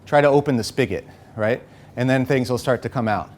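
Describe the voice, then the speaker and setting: A man leading a live workshop, coaching the group with an energetic manner and frequent "okay?" and "right?" check-ins. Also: mid-range voice, a little fast. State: a bit out of breath. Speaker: workshop facilitator. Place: workshop room.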